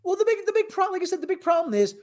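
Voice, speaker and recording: A man's voice: very high-pitched, sing-song, rapid-fire, darkish tone. A man hosting a podcast, giving sardonic, rambling commentary with frequent restarts. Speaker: podcast host. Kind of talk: casual commentary chat.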